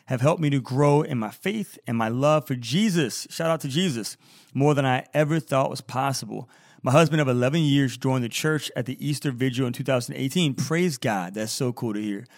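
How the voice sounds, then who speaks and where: A man's voice: medium pitch, brisk, dry recording, clean studio sound. A man who is a Catholic priest, hosting a podcast in a casual, rambling way, reading out listener feedback with lots of fillers and repeated words.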